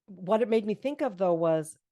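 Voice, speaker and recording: A woman's voice: medium pitch, animated, moderate pace, mellow, no echo, studio quality. A middle-aged woman hosting an interview podcast, talking earnestly and affirmingly in long reflective runs. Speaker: podcast host. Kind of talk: casual interview chat.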